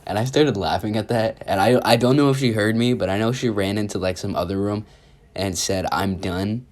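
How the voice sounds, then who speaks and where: Sick deep-voiced man rambling a story. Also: a little fast, darkish tone. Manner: rambling, casual with many fillers. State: sick, sore throat, sniffling. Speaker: youtuber. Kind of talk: storytime vlog.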